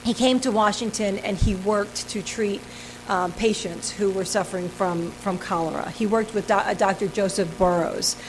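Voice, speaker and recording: A woman leads a casual history presentation as she walks her listeners through her slides. She talks in a chatty, halting way, full of ums and small restarts, at an ordinary middle pitch. A soft hum sits faintly behind her voice. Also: steady tone. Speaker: organization president giving a history talk.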